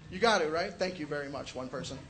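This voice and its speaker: A man's voice: on the high side, expressive, fast, a bit bright, slight background noise. A young man doing a stand-up comedy set, telling crude, profane stories and acting out quotes. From Chicago area.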